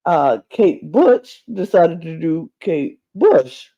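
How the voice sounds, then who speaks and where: A podcast co-host with a slightly high male voice and a dark tone talks slowly but very animatedly. He rambles casually through a reality-TV recap, full of fillers and restarts. The audio is dull lo-fi podcast sound.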